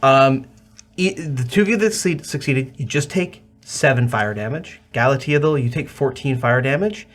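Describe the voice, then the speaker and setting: A man running a tabletop game as game master, calmly giving out rulings and damage. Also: mid-range voice, normal speed. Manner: calm rulings, reading out damage and effects.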